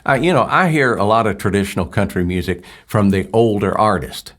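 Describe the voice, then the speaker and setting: A man's voice: fairly low pitch, expressive, a little fast, a bit bright. A man hosting a casual radio interview, speaking enthusiastically and praising his guests.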